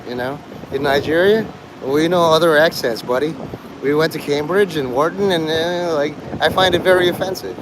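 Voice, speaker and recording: A man's voice: fairly high pitch, noisy background. A man vlogging outdoors in a city street, rambling with sardonic asides. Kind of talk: rambling live street vlog.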